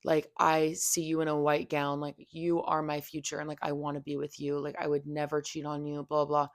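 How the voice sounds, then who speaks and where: A woman's voice: sits low, completely flat delivery, a little fast, no room sound, studio quality. A young woman hosting a podcast, telling a personal story in a candid, venting way with lots of filler words and swearing. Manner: heavy "like" fillers, profane, venting. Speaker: podcast host.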